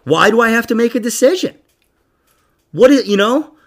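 Brief: middle-aged male podcast host, animated, profane, wide-ranging pitch. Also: normal speed. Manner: loud, profane, animated, laughing often. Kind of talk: casual podcast chat.

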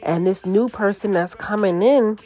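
A woman giving a casual, chatty podcast card reading, talking in an animated way and often checking in with "right?" and "you know". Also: medium pitch, normal speed. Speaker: tarot card reader.

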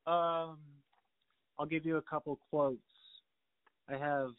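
A man with a fairly high voice steers a relaxed talk about a movie. He asks questions and answers with short, easy agreement. The sound is dry and narrow, like a phone call. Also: slow, smooth, no room sound. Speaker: movie podcast co-host. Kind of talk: casual chat. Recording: tinny phone-like line.

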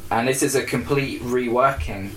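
A man's voice: mid-range voice, normal speed, a bit bright. A man co-hosting a podcast, chatting casually with dry, informative asides. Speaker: podcast co-host. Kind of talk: casual chat. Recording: roomy, off-mic with faint noise.

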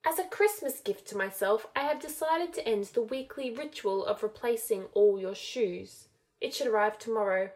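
A woman's voice: on the high side, normal speed, a little mellow, lightly acted, rough recording. A woman doing a sneering young man, clipped drawl, cold and curt, storybook reading. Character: cold, sneering young male lord's enforcer.

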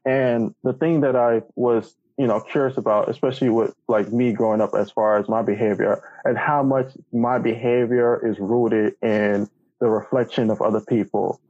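A man's voice: medium pitch, steady tone, moderate pace, darkish tone, no echo, highs cut off. A man hosting a podcast, asking long rambling questions full of fillers and restarts. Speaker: podcast host. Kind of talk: casual interview chat.

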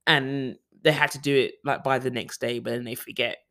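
A man's voice: medium pitch, flat delivery, a little fast, bright, forceful tone. A young man from the UK talking casually in a personal vlog, rambling with frequent restarts and fillers. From United Kingdom. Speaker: vlogger.

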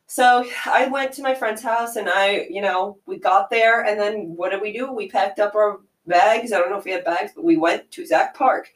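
A woman's voice: medium pitch, moderate pace. Chatty young woman podcaster, echoey room. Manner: chatty, filler-heavy with frequent "like". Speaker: podcast host. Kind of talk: casual storytelling chat.

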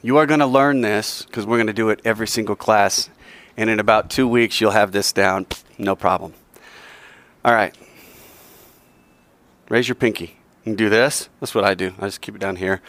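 A man's voice: lowish voice, moderate pace, pauses often. Man coaching a class through call-and-response. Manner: energetic, coaxing, drills the class line by line. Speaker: teacher.

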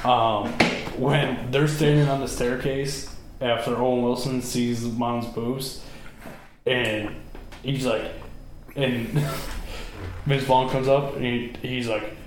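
A man's voice: medium pitch, level tone, slow, long pauses, slight background noise. Man chatting casually in a roomy space. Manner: profane, quotes movie lines in put-on voices. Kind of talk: casual chat.

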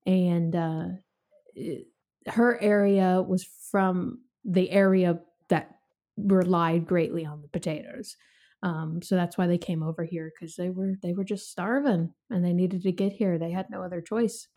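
A woman's voice: fairly low pitch, steady tone, unhurried, mellow. A woman hosting a casual movie podcast, chatty and laughing often, reading a film synopsis aloud. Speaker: podcast host. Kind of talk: casual movie review chat.

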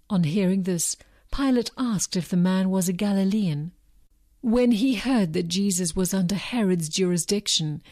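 Woman reading scripture, warm tone. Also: medium pitch, dry recording, clean studio sound. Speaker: reader.

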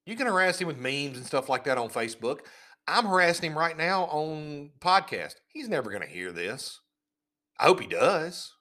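With indignant sarcasm, a podcast host rants casually, his pitch swinging widely as he stumbles over repeated words while building his point. He is very animated, moving at a moderate pace, and his voice sounds pushed and bright.

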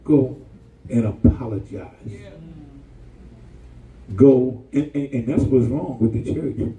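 A man preaching a sermon, animated and colloquial, calling out to the congregation. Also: medium pitch, slow pace, roomy sound, distant mic, low-quality recording.

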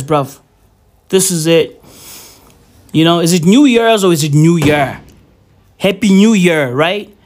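A young man vlogging a profane, rambling, mock-serious rant at home, peppering it with slang. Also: high voice. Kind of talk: casual rant to camera. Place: indoors at home at New Year.

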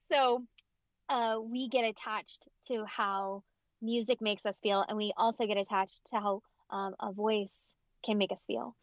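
A woman voice actress giving emphatic, expressive interview answers, often restarting her sentences. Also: mid-range voice, unhurried, no room sound. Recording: slightly dull, dry audio.

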